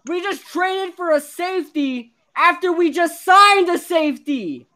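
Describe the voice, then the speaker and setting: A woman's voice: very high-pitched, animated, a little slow, pushed and bright. A woman hosting a live sports podcast, ranting in exasperation and repeating herself. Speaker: podcast host.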